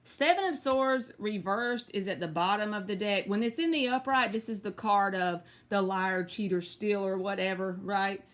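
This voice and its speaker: A woman's voice: medium pitch, moderate pace, few pauses. Chatty Southern woman reading tarot. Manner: chatty, direct, answers viewers by name. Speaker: tarot reader. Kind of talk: live-stream tarot reading.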